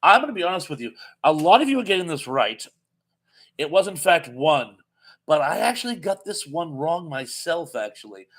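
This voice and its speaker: A man's voice: on the high side, sing-song, normal speed, a bit bright. A man hosting a live-streamed TV trivia quiz in a casual, chatty way, reading out viewer comments and laughing at his own jokes. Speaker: live show host running a TV trivia quiz.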